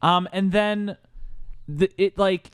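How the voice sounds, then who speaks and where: A man hosting a podcast, telling a story in a mock-grandiose, animated way in casual chat. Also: high-pitched, takes it slowly, clean tone, no echo, studio quality. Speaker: podcast host.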